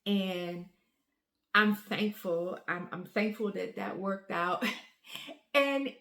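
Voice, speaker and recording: A woman, a mother and family vlogger, telling a story in an emotional, animated way with many fillers. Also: mid-range voice, slow pace. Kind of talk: casual storytelling to camera. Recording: roomy echo.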